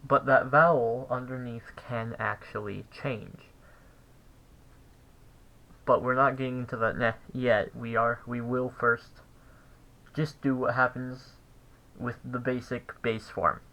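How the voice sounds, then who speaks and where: A man giving a casual recorded language lesson, thinking aloud with pauses and restarts. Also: mid-range voice, fairly even intonation, pushed and bright, rough recording. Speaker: language teacher.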